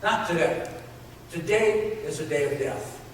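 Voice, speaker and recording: A man's voice: on the high side, animated, measured pace, slight background noise. A man preaching a sermon in a church, earnest, building emphasis with repeated phrases. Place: church sanctuary. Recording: echoey hall from far off.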